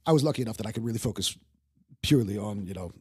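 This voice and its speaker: A young man from New York with a New York accent, a chef talking in a casual podcast conversation, profane and animated, restarting his sentences often. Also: lowish voice, racing, slightly rough. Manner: profane, animated storyteller with many stammered restarts. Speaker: guest chef.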